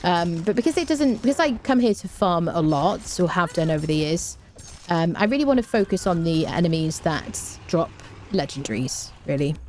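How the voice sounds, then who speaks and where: A woman's voice: fairly low pitch, lively intonation, moderate pace, darkish tone, slight background noise. A woman hosting a let's play, chatting casually as she plays and humming little tunes between remarks. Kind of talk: casual gameplay commentary.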